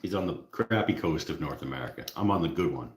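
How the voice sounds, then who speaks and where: A man's voice: extremely low pitch, animated, fast, reverberant, a little hiss or hum. A Canadian man with a Canadian accent, hosting a casual live stream, joking with viewers and laughing at his own jokes. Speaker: livestream host.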